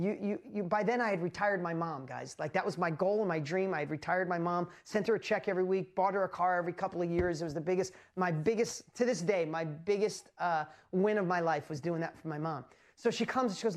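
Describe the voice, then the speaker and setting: A man hosting a live motivational talk, telling his story with animated energy and lots of exclamations, and often asking the audience questions directly. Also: high voice, brisk. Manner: speaks straight to the audience with rhetorical questions. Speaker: host and motivational speaker.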